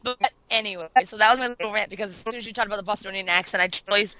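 A woman's voice: medium pitch, very fast, sharp tone, dry recording, rough recording. A woman with a Massachusetts accent co-hosting a podcast, chatty and giggly, with lots of fillers. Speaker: podcast co-host. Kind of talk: casual chat.

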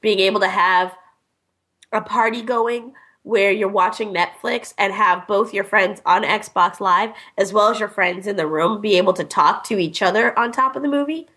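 A woman's voice: medium pitch, moderate pace, pushed and bright. A woman co-hosting a casual gaming podcast, teasing and joking in a dry way. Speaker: podcast co-host.

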